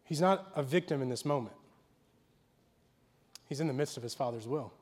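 This man's voice sits in the mid-range, breathy at the edges, moving at a moderate pace. He's a pastor preaching informally with slang, drifting from quiet and close to loud and animated.

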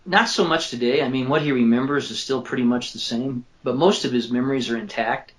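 A man in his fifties, an author and father, telling a personal story in an earnest, halting way that repeats words when he is moved. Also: medium pitch. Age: 50s. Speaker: author and father interviewed about his book. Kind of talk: emotional personal storytelling in an interview. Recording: roomy echo.

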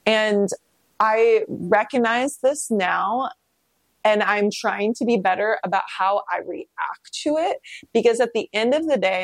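Woman podcast host, casual solo monologue, candid and reflective, swears freely, dry close sound. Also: no echo. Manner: animated, pitch leaping up when emphatic.

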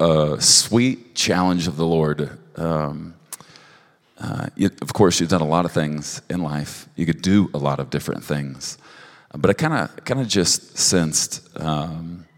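Deep male minister, halting prophetic delivery, long hall reverb. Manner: halting, with restarts and soft asides. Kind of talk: prophetic ministry at a church service.

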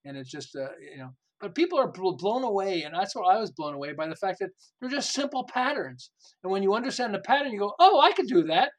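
Excitable high-voiced older man. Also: quick pace, poor audio. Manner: animated, laughs often, acts out quotes. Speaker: podcast guest, author. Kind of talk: enthusiastic storytelling interview.

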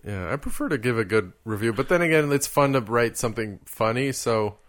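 A man's voice: medium pitch, expressive, brisk, a bit bright. A man in casual chat, rambling and joking with lots of fillers.

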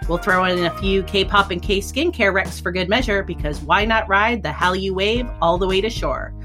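A woman's voice: mid-range voice, normal speed, music in the background. Upbeat woman hosting a podcast. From United States. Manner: upbeat, playful, laughs often. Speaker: podcast host. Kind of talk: scripted podcast intro and casual chat.

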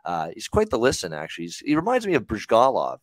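A man's voice: lowish voice, wildly swooping pitch, fast, no room sound. A man hosting a hockey betting show, talking casually with lots of fillers and the odd swear word. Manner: rambling, profane, filler-heavy.

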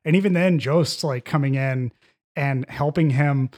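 A man's voice: on the high side, unhurried, darkish tone. Rambling man in casual chat. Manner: rambling, many fillers and restarts. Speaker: podcast co-host. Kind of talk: casual film discussion.

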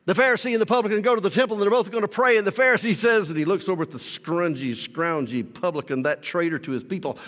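A male pastor preaching a sermon in a church, emphatic, swinging from loud declarations to soft asides. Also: a little high, fairly quick, long reverb tail.

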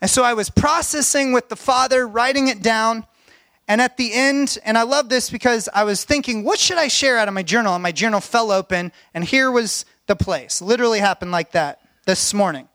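A man with a notably high voice preaches in a dry, close-sounding room. He tells his own stories earnestly and from the heart. He sounds middle-aged and speaks as a pastor. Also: brisk, bright, forceful tone, no echo. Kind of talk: sermon with personal stories.

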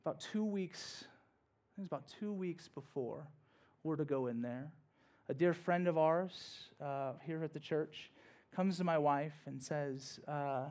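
A male pastor preaching in church, telling a personal story in a conversational way that swings from hushed to loud and emphatic. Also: fairly high pitch, a little slow. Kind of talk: sermon told as a personal story.

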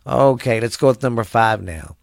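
A man's voice: medium pitch, expressive, normal speed, gravelly, no echo, studio quality. A tired man hosting his own podcast in loose, rambling, crude casual chat, coughing and trailing off. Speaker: podcast host.

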